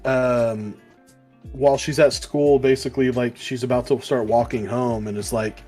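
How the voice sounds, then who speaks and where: A man co-hosting a casual comic review show, rambling and filling pauses with ums and likes. His voice sits at a middle pitch. Faint music plays quietly in the background. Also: steady tone. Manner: rambling, many fillers, acts out quoted lines. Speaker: podcast co-host.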